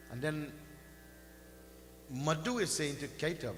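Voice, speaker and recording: A man giving a religious discourse, telling a sacred story with slow, swelling emphasis and chanting mantras now and then. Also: a little high, expressive, a bit bright. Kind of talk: sermon storytelling. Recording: echoey hall with faint hum.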